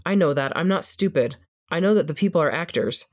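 A woman reading aloud as a naive, curious young man who came out of an old painting, in her own low voice. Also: animated, fairly quick. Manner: plainly read, earnest questions.

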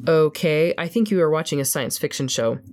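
Woman reading as a young guy explaining stuff, patient but fed up, low voice. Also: expressive, a little fast, a little mellow. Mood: exasperated. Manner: plainly read, explaining. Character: patient, exasperated young male roommate.

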